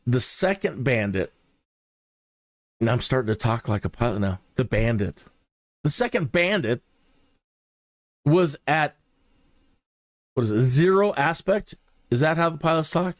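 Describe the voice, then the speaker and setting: With a medium-pitched voice and no room sound, a flight sim video host narrates his own simulator session into a close desk mic. His casual gameplay commentary is mannered, story-like and self-mocking.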